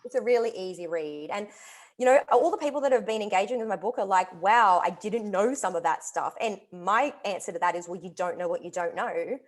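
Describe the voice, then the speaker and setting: A woman's voice: medium pitch, animated, fast. Chatty enthusiastic woman. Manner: enthusiastic, talkative, repeats "literally" and "like". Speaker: guest author and wellness coach. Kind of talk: casual interview chat.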